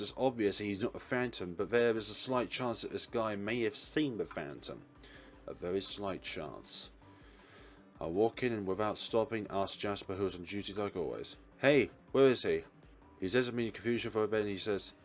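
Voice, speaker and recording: A man hosting a let's play, reading a visual novel in first person and voicing the protagonist with a dry, wry manner. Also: lowish voice.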